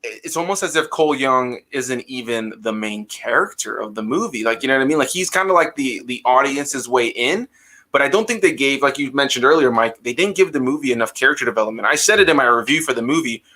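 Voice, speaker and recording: A man hosting a casual podcast discussion, relaxed and agreeable, leaning on fillers like "like". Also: medium pitch, quick pace. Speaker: host.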